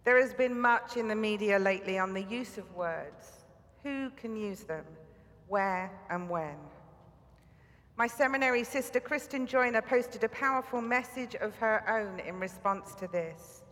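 A woman's voice: mid-range voice, unhurried, a bit bright, long reverb tail. A British woman preaching a sermon, telling stories with dry humor. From Britain.

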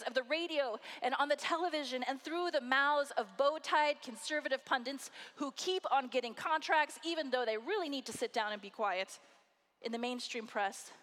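A woman preacher delivering a sermon with emphatic phrasing and dramatic pauses. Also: medium pitch, a bit bright. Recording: hall reverb.

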